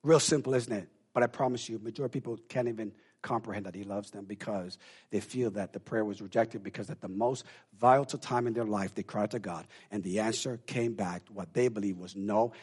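A pastor preaching a sermon, emphatic and calling out to the congregation, swinging from hushed talk to shouting. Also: male voice, on the low side, fairly quick, breathy edge.

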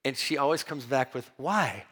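A man preaching a sermon as pastor, emphatic and lively, mixing Bible reading with personal stories told with restarts. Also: high-pitched, a little slow. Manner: repeats words and restarts when telling stories.

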